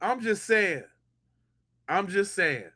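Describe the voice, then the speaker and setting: A man's voice: high-pitched, big pitch swings, takes it slowly, sharp tone. A man hosting a podcast, a former police officer giving slangy, incredulous reaction commentary.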